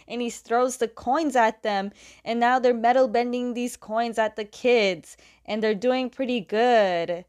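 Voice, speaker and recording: A woman's voice: on the high side, steady tone, slow pace, darkish tone. Chatty woman retelling a comic plot. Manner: chatty, fills with "like", laughs between beats. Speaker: comic book recapper.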